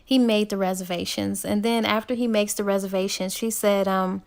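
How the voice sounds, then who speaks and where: Chatty woman with a vocal-fry voice. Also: mid-range voice, fairly even intonation, normal speed. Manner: chatty, laid-back, full of ums and likes, quotes characters in passing. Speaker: book reviewer. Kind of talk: casual retelling of a novel's plot.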